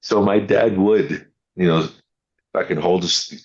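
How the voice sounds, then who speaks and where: A man's voice: sits low, measured pace, darkish tone, slightly rough, dull audio. A man co-hosting a casual early-morning podcast, telling rambling stories with many restarts and acting out what others said. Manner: rambling storyteller, restarts, acts out quotes. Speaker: podcast co-host.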